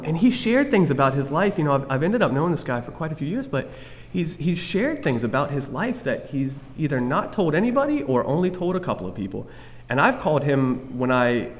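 A man sharing his recovery story candidly with a group, self-mocking and rambling, full of restarts. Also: mid-range voice. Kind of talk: candid personal testimony to a group. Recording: long reverb of a hall.

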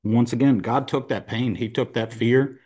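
A man sharing a personal recovery story, emotional and halting, with many restarts. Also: medium pitch, dark tone. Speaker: meeting member sharing a story. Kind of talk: personal testimony.

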